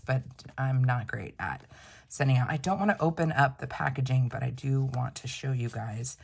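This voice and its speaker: A woman with a notably low voice chats through an unboxing. She muses aloud, asks herself quick questions and answers them, in an easygoing vlog manner. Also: sharp tone, slight background noise. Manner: chatty, thinks aloud, self-questioning asides. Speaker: planner unboxing vlogger. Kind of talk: casual unboxing chat to camera.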